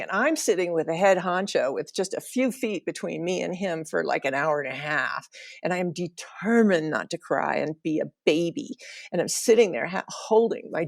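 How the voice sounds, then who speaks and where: A middle-aged woman telling a personal travel story, emotional and laughing now and then as she recalls it. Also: mid-range voice. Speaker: podcast storyteller.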